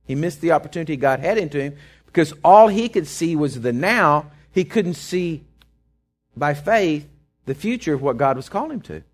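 A middle-aged man preaches from the pulpit. His voice sits fairly high for a man. He tells stories in a folksy, chatty way and then builds to fervent, emphatic points. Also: lively intonation, moderate pace. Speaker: pastor. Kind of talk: sermon with storytelling.

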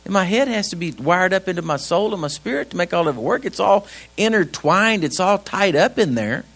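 A man's voice: high voice, animated, a little fast, fairly bright tone. A middle-aged man preaching a sermon in a folksy, conversational way, throwing rhetorical questions at his congregation. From grew up on a ranch.

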